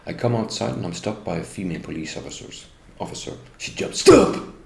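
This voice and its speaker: Indignant low gravelly man. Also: lively intonation, fast talker. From Norway. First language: Norwegian. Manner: indignant, bitter, addresses the police directly. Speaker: interviewee. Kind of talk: first-person account. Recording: roomy echo with faint ambience.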